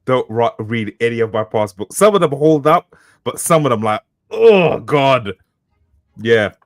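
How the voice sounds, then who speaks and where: A man in his thirties from the United Kingdom, co-hosting a casual podcast, telling animated stories and swearing freely. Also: mid-range voice, a little slow, no echo. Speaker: co-host, author.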